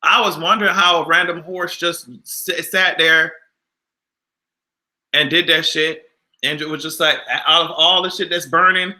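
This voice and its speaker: A man hosting a casual livestream, animated and exasperated, swearing freely and answering his chat. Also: a little high, slow pace. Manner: animated, exasperated, profane, talks back to chat. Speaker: YouTube livestream host.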